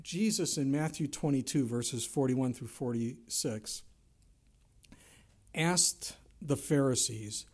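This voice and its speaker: A middle-aged man preaching a sermon, telling stories in an animated way and jumping his voice up for quoted lines. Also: medium pitch, slow pace. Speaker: pastor.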